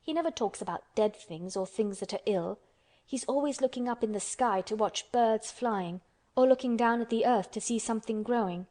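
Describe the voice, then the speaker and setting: A woman's voice: on the high side, normal speed, a little mellow, close to an everyday voice. A woman voicing a stubborn, contrary orphan girl who speaks bluntly and obstinately.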